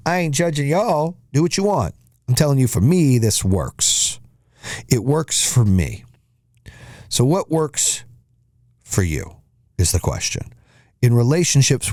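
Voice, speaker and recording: A man's voice: mid-range voice, dark tone, dry recording, clean studio sound. A middle-aged man hosting a podcast, giving blunt, profane, punchy motivational advice in a monologue. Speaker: podcast host.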